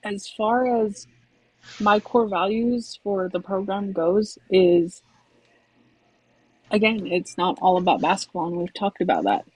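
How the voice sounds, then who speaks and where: A woman basketball coach talking in a soft-spoken, reserved way about her team in a casual conversation. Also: mid-range voice, lively intonation, a little slow, husky, low-quality recording.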